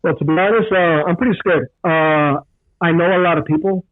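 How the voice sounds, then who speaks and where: A man's voice: fairly high pitch, brisk, no echo. A man guesting on a podcast, talking earnestly in a casual chat. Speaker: guest rapper. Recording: tinny phone line.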